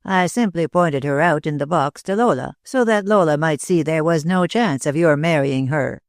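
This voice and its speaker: A persistent, lovesick detective who keeps pressing his case, as a man reads him aloud. His voice sits a little high and sounds close and dry in a storybook reading. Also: normal speed, no room sound, close to an everyday voice. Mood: earnest.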